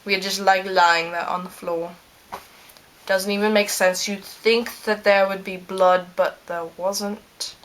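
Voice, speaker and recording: A woman plays a smug male scientist who rambles along in an in-character fan video. He takes his time over every line, drawls slowly and pads his thoughts with ums. His pitch sits at an ordinary middle height. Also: little pitch movement, fairly bright tone, lightly acted. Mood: rambling.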